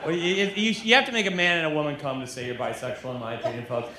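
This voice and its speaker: A young man doing stand-up in a comedy club, drunk and deadpan, with mock-earnest asides to the crowd. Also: a little high, rapid-fire. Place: comedy club stage, audience laughing. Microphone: handheld stage mic. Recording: echoey live club recording, crowd noise.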